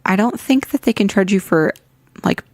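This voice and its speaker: A young woman co-hosting a casual true-crime podcast, chatty and quick to laugh. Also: medium pitch, expressive, darkish tone, dry recording. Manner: chatty, laughs often, hedges playfully. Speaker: podcast co-host.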